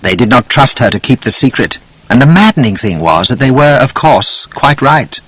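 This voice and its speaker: A man narrating an audiobook in an expressive, measured storytelling manner. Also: mid-range voice, slightly rough, no echo, rough recording. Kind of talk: scripted narration.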